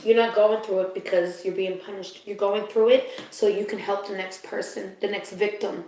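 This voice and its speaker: A woman's voice: mid-range voice, steady tone, moderate pace, mellow. A woman giving a live spiritual card reading to her viewers. She talks emotionally and confidingly, laughs often, and keeps checking in with the listener. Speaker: spiritual reader. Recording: very echoey room.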